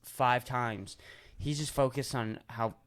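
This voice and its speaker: A young man chats on a podcast in a loose, joking way, swearing freely as he riffs. His voice sits at an everyday middle pitch for a man. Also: takes it slowly, clean tone. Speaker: podcast host and comedian. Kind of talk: casual podcast chat.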